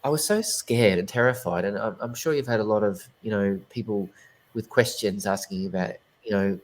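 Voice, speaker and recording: A man with a fairly low voice tells his story as an interview guest. He talks earnestly and rambles, often restarting his sentences mid-thought. It sounds like relaxed, casual conversation. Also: moderate pace, rough recording. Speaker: guest psychic medium.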